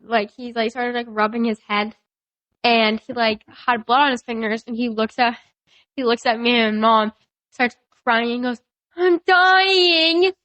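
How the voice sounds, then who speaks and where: A woman's voice: fairly high pitch, little pitch movement, moderate pace, a bit bright, no echo. A young woman on a family podcast, chatting with many "like" fillers. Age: young adult. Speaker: guest, daughter. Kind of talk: casual family podcast chat.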